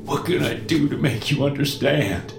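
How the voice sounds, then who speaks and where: A man's voice: deep voice, animated, unhurried, roomy sound, over music. A man voicing a tearful, overprotective father with a raw, stern manner in a horror story reading. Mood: emotional.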